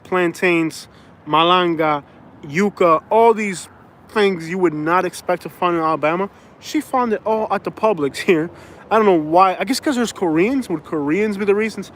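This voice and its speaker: A man's voice: a little high, fairly bright tone. A man from Florida hosting a casual livestream outdoors, rambling and chatting with viewers. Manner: rambling, chatty, reads viewer comments aloud. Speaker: livestream host. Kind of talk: casual live chat. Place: outdoors in a suburb. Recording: faint outdoor traffic noise.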